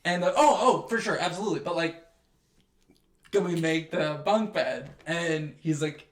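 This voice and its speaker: A man co-hosting a movie review podcast, chatting casually and acting out scenes with animated quoted lines. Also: a little high, moderate pace, reverberant. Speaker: podcast co-host.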